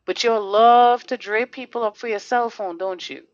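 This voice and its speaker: A woman's voice: on the high side, normal speed, no room sound, dull audio. A woman hosting a casual podcast, talking in a heated, blunt and profane way, firing off rhetorical questions. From Connecticut. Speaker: podcast host.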